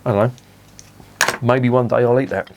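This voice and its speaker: A man's voice: medium pitch, steady tone, a little slow, background noise. A man giving a casual beer review, blunt and enthusiastic, swearing freely.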